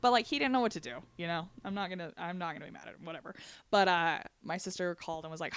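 A woman's voice: fairly low pitch, fast, clear, resonant tone, no echo. A young woman speaking candidly as a guest, telling a personal story in a casual conversational way, laughing between lines and acting out what others said.

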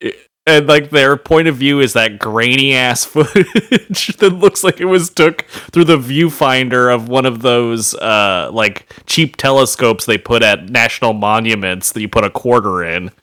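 Brief: man, podcast co-host, bright and animated, unhurried delivery. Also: medium pitch, clean tone. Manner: laughs often, animated riffing. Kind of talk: casual chat.

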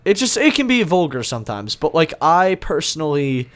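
A young man in casual chat, hesitant and halting with many restarts. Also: a little high, very animated. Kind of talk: casual chat over a call.

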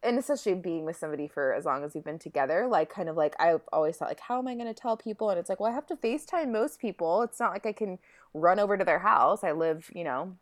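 Lively, expressive young woman podcaster. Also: on the low side, quick pace. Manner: expressive, swooping storytelling with laughs. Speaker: podcast co-host. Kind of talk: casual podcast chat.

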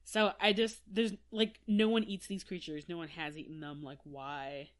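A woman co-hosting a casual podcast about a book, rambling a little, searching for words and trailing off softly. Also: on the low side, flat delivery, moderate pace. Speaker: podcast co-host.

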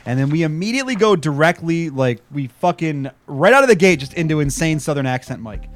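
A man's voice: a little high, expressive, a little fast. A man co-hosting a podcast, recapping a TV episode in casual chat, rambling and sarcastic with lots of fillers. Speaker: podcast co-host.

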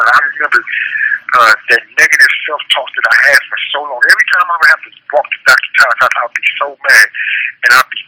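A man's voice: mid-range voice, quick pace, heavy background noise. A man recounting his childhood in a colloquial, earnest way, often repeating words as he restarts sentences. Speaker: guest telling his life story. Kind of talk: personal storytelling.

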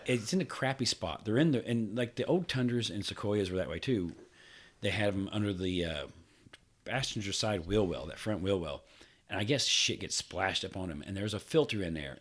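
A man's voice: lowish voice, fairly bright tone. A man co-hosting a podcast, telling a rambling, profane story in casual chat with frequent laughs. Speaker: podcast co-host.

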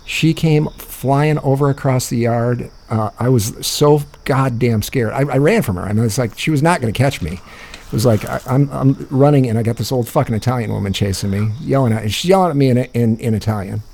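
A man's voice: medium pitch, a little fast, vocal fry, a little mellow. A man telling a rambling, profane story in a casual podcast chat, often laughing. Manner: rambling, profane, laughs through his stories.

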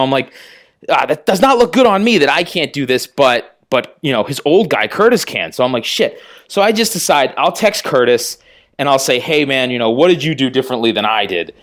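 A man's voice: mid-range voice, lively intonation, fairly quick, fairly bright tone. A man, a guest on a podcast, telling a story in casual chat, acting out both sides of the conversations and swearing freely. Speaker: podcast guest and radio producer.

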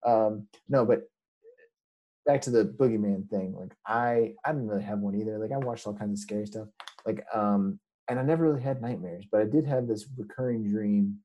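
A man with a mellow, husky, low voice tells a story in casual chat. He rambles, restarts often and acts out what others said. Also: moderate pace, muffled recording. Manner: rambling, many fillers and restarts, acts out quotes.

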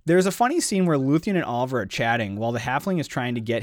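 Animated male podcast host reading aloud. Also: medium pitch, fast talker, no echo, studio quality. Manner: animated storyteller, frequent "like" fillers. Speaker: podcast co-host recapping a book. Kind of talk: casual chat and reading book passages aloud.

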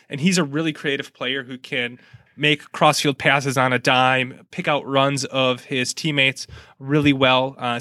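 Man host for a soccer chat show, relaxed and wry, middle-pitched voice, dry recording. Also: dry recording. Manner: easygoing, joking, analytical. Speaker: sports podcast host. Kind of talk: casual soccer preview chat.

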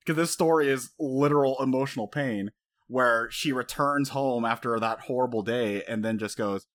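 A young man hosts a casual recap chat, swearing freely, laughing often, and getting fired up about the story. His voice is medium in pitch and moves at a moderate pace.

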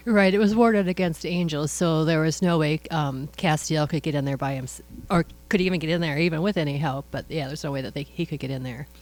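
A woman's voice: low voice, brisk, hardly any pauses, darkish tone. Easygoing woman podcast co-host. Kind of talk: casual chat.

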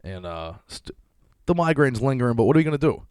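Talking fast and very animated, he uses a mid-range voice with a darkish tone and no echo. He's a thirties-aged man hosting his own casual podcast, telling a rambling, self-deprecating story full of curses and frequent laughs.

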